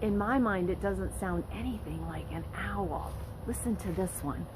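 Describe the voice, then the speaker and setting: Slow, expressive woman teaching children. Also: medium pitch, background noise. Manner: slow, expressive, speaking directly to young listeners. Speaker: park nature educator. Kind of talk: educational lesson for children.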